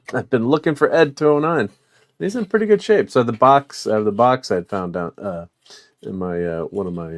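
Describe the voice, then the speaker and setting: A middle-aged man chatting casually about old toys from his collection, rambling with lots of fillers and chuckles, on a portable mic. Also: on the low side. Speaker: toy collector vlogger. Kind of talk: casual unboxing chat.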